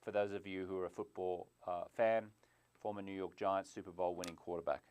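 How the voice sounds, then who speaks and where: A man hosting a live stream as a sobriety coach, animated, jumping from loud bursts to quiet asides, on a clip-on mic indoors. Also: deep voice, a little fast, clear, resonant tone, dry recording. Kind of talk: energetic live stream pitch. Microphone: clip-on lapel mic.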